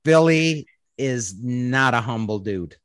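A man hosts a podcast in loose, rambling chat, with swearing and fillers all through. His voice sits at an ordinary middle pitch. The sound is dry and close, with no room around it. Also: animated, slow pace, dry recording. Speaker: podcast host. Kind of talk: casual chat.

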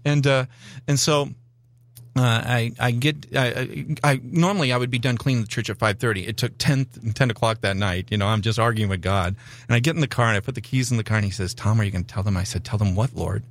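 A middle-aged man telling a personal testimony on a talk show, animated and acting out the voices in his story. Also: medium pitch, quick pace, dry recording. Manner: animated storyteller, acts out dialogue. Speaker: guest. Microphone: studio mic.

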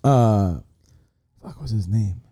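A man's voice: lowish voice, animated, takes it slowly, warm tone, breathy edge. A young man, a guest comedian rambling through stories in casual, slangy podcast chat. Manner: rambling storyteller, slangy, peppered with 'bro'.

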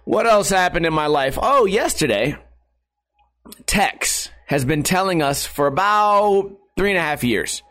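A young man hosting a podcast, telling rambling, profane stories in a tired, low-energy way. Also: lively intonation, measured pace, a bit bright. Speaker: podcast host. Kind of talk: casual storytelling monologue.

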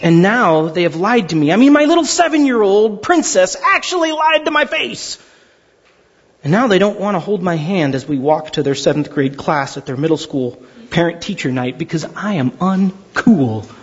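A man in his forties, a pastor giving a sermon, telling stories with animated quoted voices. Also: sits high, moderate pace, slightly rough. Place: large church hall. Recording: dull sound with long hall reverb.

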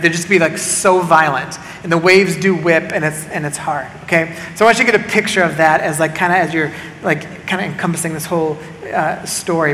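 High, bright young pastor in echoey hall. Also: male voice, slight background noise. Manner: casual, conversational preaching with many fillers. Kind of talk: sermon.

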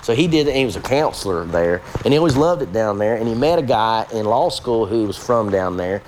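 Kentucky man, podcast guest, lowish voice, folksy rambling talk. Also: expressive, brisk, a little mellow, slight background noise. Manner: rambling, folksy storytelling with many fillers. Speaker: guest, yeast scientist. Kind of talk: casual interview chat.

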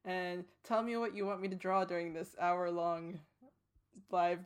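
A woman's voice: on the low side, fairly even intonation, unhurried, clean tone. A woman artist co-hosting a casual book podcast, easygoing and self-deprecating. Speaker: artist co-host. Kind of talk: casual book-club chat.

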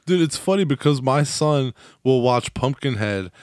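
A man co-hosting a podcast, rambling through stories in casual chat with plenty of swearing and easy laughter. His voice sits at an ordinary middle pitch. It is recorded close and dry, with no room around it. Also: expressive, normal speed, a little mellow, no room sound. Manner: loose, profane storytelling, laughing often. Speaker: podcast co-host.

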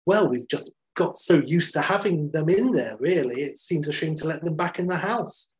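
A man's voice: fairly high pitch, moderate pace, pitched above the performer's own voice, lightly acted. A man voicing a matter-of-fact housewife giving a casual news interview. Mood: unbothered.

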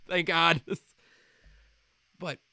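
A man hosting a podcast, chatting casually and reading an ad with quick enthusiasm and the odd swear. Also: fairly high pitch, flat delivery, vocal fry, sharp tone, dry recording. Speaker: podcast host. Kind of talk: casual podcast chat and read ad.

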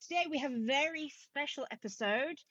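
A woman's voice: sits high, fairly quick, fairly bright tone, dry recording, dull audio. A woman co-hosting a podcast, bubbly and giggly in casual chat. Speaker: podcast co-host.

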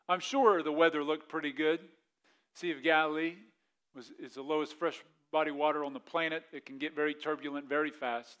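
Male pastor, sermon, fairly high voice, animated storytelling, dramatic shifts from loud to hushed. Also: brisk, clean tone. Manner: animated storytelling, acts out the disciples' panic in a raised voice; drops to a quiet, soft delivery for reflective points.

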